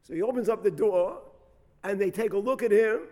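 A man preaching as a rabbi, telling a story with dramatic swings between loud bursts and soft, quiet reflection. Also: high-pitched, normal speed. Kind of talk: sermon storytelling. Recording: long hall reverb.

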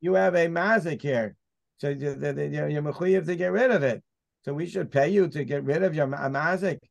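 Gravelly, somewhat high-voiced man as Talmud teacher, emphatic, hammers his point home. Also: moderate pace. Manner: emphatic, argues by restating points. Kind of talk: Talmud study discussion.

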